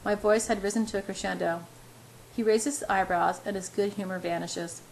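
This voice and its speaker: A woman reads a first-person story aloud in a plain, steady voice. Her pitch is mid-range for a woman. A faint background noise sits under the reading. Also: normal speed, gravelly, rough recording. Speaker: reader.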